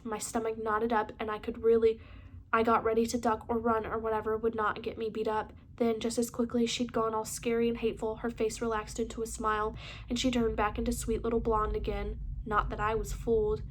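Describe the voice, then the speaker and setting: A woman's voice: fairly high pitch, a little hiss or hum. A woman hosting her channel, reading a novel aloud with small slips and restarts. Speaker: book reader, channel host. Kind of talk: casual audiobook reading.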